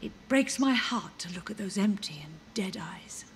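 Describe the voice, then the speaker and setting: A woman playing an elderly mother in a video game, soft-spoken, wistful and drifting in her thoughts. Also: mid-range voice, expressive, normal speed, a little hiss or hum, close to an everyday voice. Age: older. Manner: soft, wandering, wistful delivery. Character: elderly grieving mother, gentle but confused. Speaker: game character. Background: game music.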